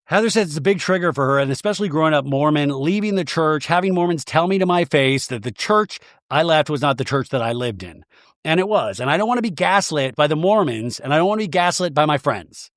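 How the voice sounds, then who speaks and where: A man's voice: on the high side, animated, fast talker, no echo, clean studio sound. A man hosting a comedic reality-TV recap podcast, retelling scenes in a casual, gossipy way. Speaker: podcast host.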